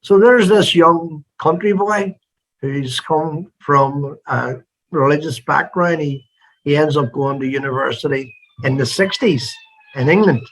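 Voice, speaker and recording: A man's voice: fairly high pitch, unhurried, fairly bright tone, rough recording. A man hosting an interview, asking earnest, searching questions with frequent restarts. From Northern Ireland. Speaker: interview host. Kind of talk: conversational interview.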